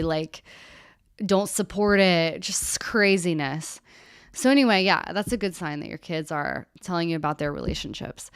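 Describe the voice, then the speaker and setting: A woman hosting a live stream as a therapist, answering viewer questions in a candid, animated way and now and then swearing casually. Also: low-pitched, creaky, clean tone, no room sound, clean studio sound.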